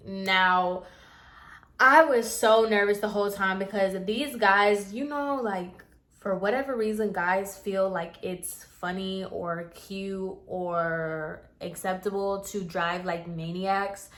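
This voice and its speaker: A young woman telling a story in a casual, chatty way, filling it with "like" and acting it out. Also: medium pitch. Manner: chatty, says "like" constantly, animated retelling. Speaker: vlogger.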